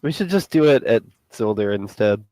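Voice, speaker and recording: A man's voice: lowish voice, animated, moderate pace, a crowd in the background. A man chatting on a casual podcast, joking and laughing along. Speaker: podcast co-host.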